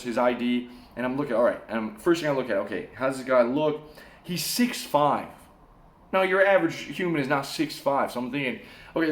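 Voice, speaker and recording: A man vlogging advice and stories in a casual, slangy way, sweating in a warm room with the air conditioner off. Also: mid-range voice, echoey room. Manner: animated storyteller, slangy, says "bro" and "man". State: sweating from the heat.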